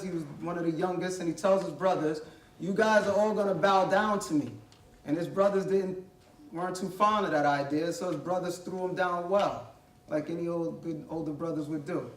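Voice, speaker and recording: A man giving a motivational talk as a guest speaker, telling a story in a lively, conversational way with casual slang. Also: a little high, moderate pace. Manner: animated, conversational, uses street slang. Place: college library event room. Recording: echoey hall from far off.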